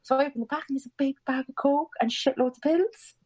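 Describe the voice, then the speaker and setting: An animated Irish woman in her twenties talks fast as a guest on a podcast, telling a story in casual conversation and swearing freely. She leaps around in pitch while acting out quoted lines, and the audio has its highs cut off.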